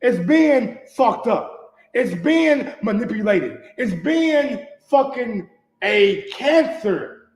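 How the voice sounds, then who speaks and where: High-pitched male sports host, casual profane rant, echoey room sound. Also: slow. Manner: animated, profane, swings from mutters to shouting. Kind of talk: casual ranting commentary.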